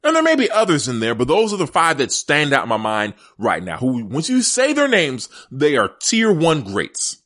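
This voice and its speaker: A man's voice: a little high, huge pitch swings, normal speed, few pauses, a bit bright. A middle-aged man hosting a casual sports podcast, emphatic and laughing often as he talks straight to his listeners. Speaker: podcast host.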